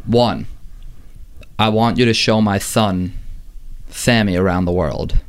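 A man voicing a talking desert guardian snake that is calm and persuasive, speaking quickly in his own deep voice.

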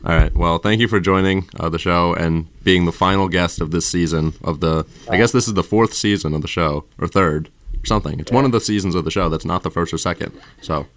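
Low-voiced young male radio host. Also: a little fast, no echo. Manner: dry teasing, amused. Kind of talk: casual chat.

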